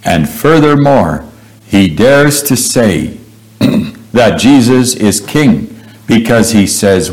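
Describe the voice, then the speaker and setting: A man preaching a sermon, slow and deliberate, pausing often and breaking in with heartfelt exclamations. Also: fairly low pitch, animated, a little mellow, poor audio.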